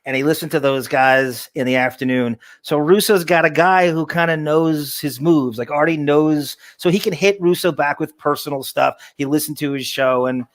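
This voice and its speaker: A man's voice: fairly high pitch, moderate pace, few pauses. A man co-hosting a podcast, giving emphatic opinions in casual chat. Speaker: podcast co-host.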